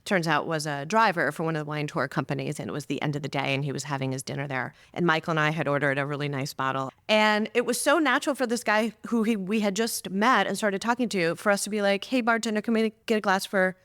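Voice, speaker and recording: A woman's voice: deep voice, fast talker. Woman podcast host, chatty storyteller. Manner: friendly, storytelling, animated when joking. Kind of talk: casual podcast chat.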